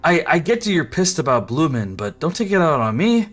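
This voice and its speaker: A man's voice: on the high side, very animated, fairly quick, fairly bright tone, soft background music. A man playing a cocky, hot-headed pirate captain. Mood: teasing. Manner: swearing, boastful, smirking.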